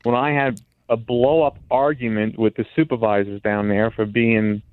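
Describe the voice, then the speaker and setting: A male caller on a tinny phone line, rambling through a long story with lots of restarts, at a middle pitch and with a dry sound. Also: fairly even intonation, moderate pace, clean tone, no echo. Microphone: telephone.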